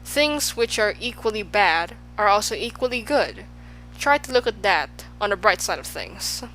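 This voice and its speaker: A woman's voice: medium pitch, sing-song, normal speed, pushed and bright, faint music behind, rough recording. A woman voicing a pompous, wordy male humbug bug in an audiobook, talking in flowery, fussy phrases. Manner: flowery, fussy, agrees with everyone. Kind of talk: audiobook character voice.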